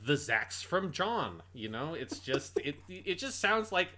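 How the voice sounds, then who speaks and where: Animated, lively-pitched male podcaster. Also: slow pace, noisy background. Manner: animated, swearing, laughing storyteller. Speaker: podcast co-host. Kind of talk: casual chat.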